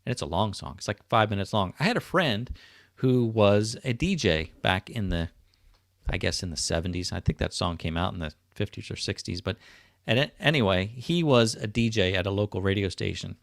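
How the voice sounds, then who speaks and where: Speaking at normal speed with lively intonation, this middle-aged livestream host has a lowish, creaky voice. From home, indoors, on a webcam setup, he chats easily, reading comments and greeting viewers by name. The sound is dry and clean, studio quality.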